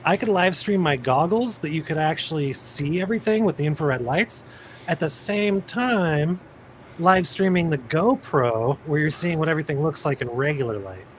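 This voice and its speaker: A man's voice: on the high side, lively intonation, moderate pace, slight background noise, poor audio. A man co-hosting a casual live-streamed drone chat, laid-back and explaining his ideas step by step. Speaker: co-host.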